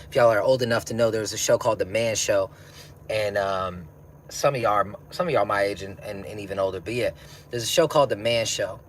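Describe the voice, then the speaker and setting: A man's voice: mid-range voice, a little hiss or hum. A man hosting a livestream while stoned, rambling in a slangy way and laughing often as he chats and reads comments. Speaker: livestream host. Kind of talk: casual livestream chat, reading comments.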